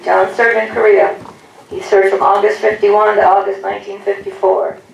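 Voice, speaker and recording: Woman announcer, gravelly edge, reads tributes off a far mic in a roomy hall. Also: mid-range voice, little pitch movement, normal speed. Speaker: announcer reading veterans' service stories. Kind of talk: read-aloud tributes at a public event. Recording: echoey room, distant mic, faint noise.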